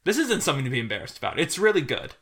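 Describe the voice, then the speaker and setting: A young man co-hosting a casual film podcast, talking in an animated, rambling way and laughing easily. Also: on the high side, very fast. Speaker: podcast co-host.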